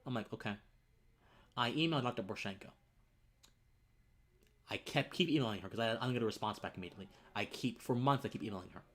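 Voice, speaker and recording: Earnest young man, halting and emotional. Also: lowish voice, fairly bright tone. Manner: earnest, halting, repeats words, drops to near-whispers. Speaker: political podcaster and streamer. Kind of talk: emotional live-stream monologue.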